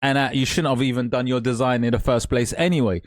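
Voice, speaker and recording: A man's voice: medium pitch, fairly even intonation, fast, no echo, clean studio sound. A man, an online business coach, giving emphatic direct advice and repeating his points. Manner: emphatic, repeats points, calls listener mate. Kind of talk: direct-to-camera advice talk.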